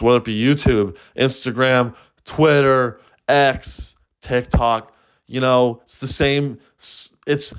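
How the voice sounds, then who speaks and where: A young male comedian hosts his own podcast in a mid-range voice. He rambles, swears freely and keeps restarting his sentences, sounding like he is thinking aloud. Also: mid-range voice. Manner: profane, rambling, full of restarts. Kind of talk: solo comedy podcast rant.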